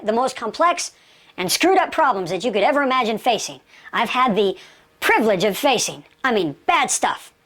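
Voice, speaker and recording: Woman, martial arts teacher, high voice, emphatic, rhetorical questions. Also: a bit bright. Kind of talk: motivational lecture.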